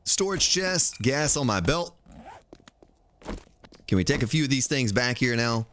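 A man's voice: medium pitch, animated, a little slow, fairly bright tone, a little hiss or hum. A man streaming a survival game, chatting playfully with his viewers and joking as he plays. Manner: playful, jokey, talks to chat and the game. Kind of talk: casual gameplay commentary.

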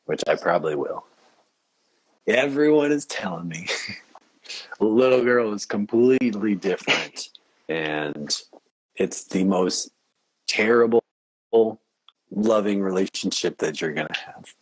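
A man's voice: low-pitched, animated, a little slow, pauses often, slightly rough, no room sound, poor audio. A man who is a podcast guest, talking in an earnest, reflective way and laughing easily. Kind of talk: casual interview chat.

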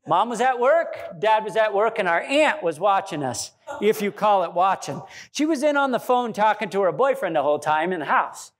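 A man pastor delivering a sermon in a church, animated and joking, acting out quotes. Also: sits high, moderate pace. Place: church sanctuary.

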